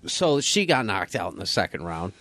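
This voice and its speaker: A man co-hosting a podcast in casual chat, telling a story with animated energy and acting out his friends' voices. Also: low-pitched, moderate pace, no echo, clean studio sound. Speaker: podcast co-host.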